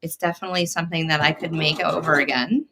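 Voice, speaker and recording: A woman's voice: low voice, steady tone, quick pace. A woman, hosting a casual quilting livestream from her home sewing room and chatting to viewers. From North Carolina. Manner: chatty, reads viewer comments aloud. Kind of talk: casual chat while sewing. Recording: faint sewing machine noise.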